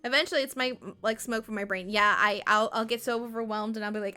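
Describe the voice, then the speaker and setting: Woman streamer, bright and slightly high, rambling casual chat, quotes herself in little voices. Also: fairly even intonation, fast, smooth, faint music behind. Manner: chatty and rambling, often acts out her own and others' words. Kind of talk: casual chat while livestreaming a game.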